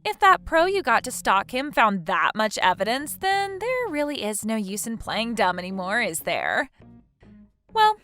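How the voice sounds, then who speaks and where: Woman as spiteful husband-stealer; high, bright, lively taunting voice. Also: measured pace, faint music behind, heavily acted. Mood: gloating. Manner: taunting, gloating, laughs mockingly. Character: smug scheming woman who stole her friend's husband. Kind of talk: text message story dialogue.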